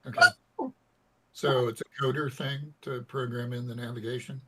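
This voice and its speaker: A man playing a tabletop game, wry with deadpan grumbling. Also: mid-range voice, normal speed, noisy background. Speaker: player. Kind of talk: casual tabletop play.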